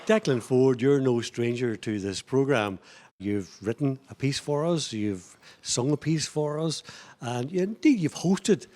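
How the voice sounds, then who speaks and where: A man with a Northern Irish accent hosts a radio chat show, and his voice moves up and down a lot as he tells stories and brings on guests. His pitch sits in the middle, and his delivery is lively and chatty. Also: a little slow. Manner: lively storytelling, animated delivery. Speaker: radio presenter.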